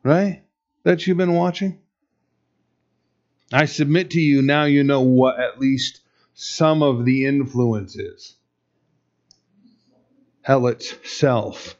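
Slow-speaking male pastor preaching. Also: mid-range voice, lo-fi sound. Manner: conversational, emphatic, rhetorical questions to the congregation. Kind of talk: sermon.

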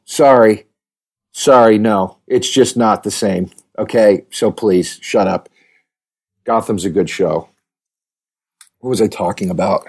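A man hosting a podcast, rambling through a comedic monologue with profane, animated rants that keep second-guessing themselves. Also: fairly low pitch, vocal fry.

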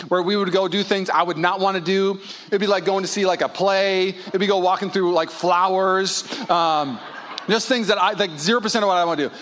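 A young man preaching a sermon as a pastor, animated and storytelling, acting out little scenes in character voices. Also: high voice. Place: church auditorium.

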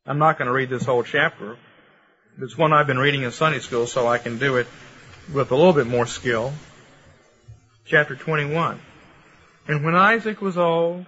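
Husky, bright-voiced man lecturing. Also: on the high side. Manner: reads in a rhythmic, flowing cadence; conversational asides to the class. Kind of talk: lecture with read-aloud scripture. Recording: dull lo-fi recording.

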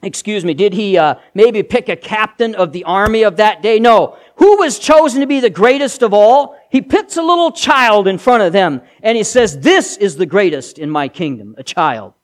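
High-voiced man preaching a sermon. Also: animated, moderate pace, hardly any pauses. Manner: emphatic preaching with repeated refrains. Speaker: pastor.

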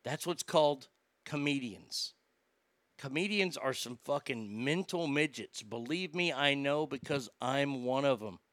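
A man's voice: medium pitch, expressive, a little slow, a bit bright, dry recording. A male comedian doing stand-up, with a profane, rambling ranting delivery.

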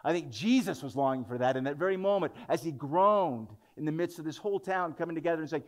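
A man's voice: on the high side, quick pace, hardly any pauses. Man preaching a conversational sermon. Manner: conversational preaching that swells into dramatic scripture reading.

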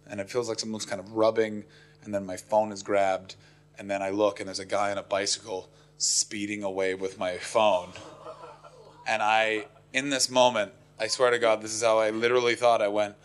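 A man doing stand-up, telling a story in an animated, profane way that swings from low muttering to frantic yelling. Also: moderate pace, slight background noise. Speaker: stand-up comedian.

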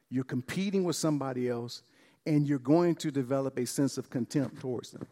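A man pastor preaching a sermon, acting out dialogue with lively emphasis and repeated words. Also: medium pitch. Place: church sanctuary. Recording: long church reverb.

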